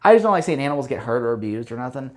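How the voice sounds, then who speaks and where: Man, movie reviewer, rambling plot recap, lots of fillers, blunt opinions, medium pitch. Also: big pitch swings, racing. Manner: rambling, filler-heavy with many restarts and chuckles. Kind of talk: casual spoken movie recap.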